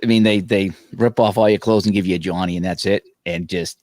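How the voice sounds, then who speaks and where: A man's voice: deep voice, brisk, no room sound, clean studio sound. A man co-hosting a live gaming show, casually telling a long personal story, laughing often and acting out what other people said. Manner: animated, laughing, acts out other people's lines. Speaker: podcast co-host.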